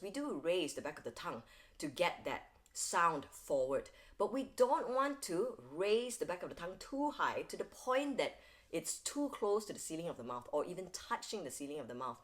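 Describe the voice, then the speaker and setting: A woman's voice: low-pitched, very animated, moderate pace. A woman singing teacher explaining vocal technique step by step, often checking in with "all right?". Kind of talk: instructional video lesson.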